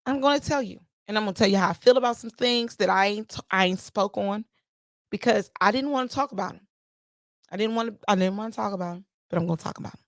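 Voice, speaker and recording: A woman hosting a podcast, telling a story in a casual, animated monologue and repeating herself for emphasis. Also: mid-range voice, fast talker, no echo, studio quality. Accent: playful put-on Jamaican-style lilt at times. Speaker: podcast host.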